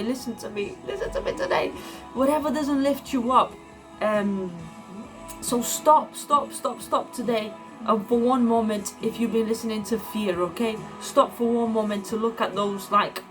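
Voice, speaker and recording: A woman speaks an informal devotional message in an earnest, encouraging tone. She circles back on her words and leans on fillers as she goes. Music plays clearly behind her voice. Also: on the high side. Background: background music.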